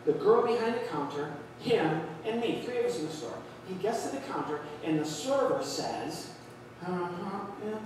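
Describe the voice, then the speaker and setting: A man's voice: sits high, big pitch swings, normal speed, few pauses, background noise. A man telling a stand-up comedy story, acting out the people he describes. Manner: storytelling with quoted voices. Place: large church hall with an audience. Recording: echoey hall recorded from far off.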